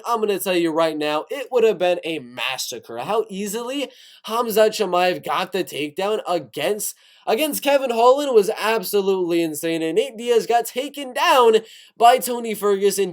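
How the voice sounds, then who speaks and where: A man hosting a casual fight-sports news video, excitable, often asking his viewers questions directly. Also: high voice. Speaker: MMA news YouTuber.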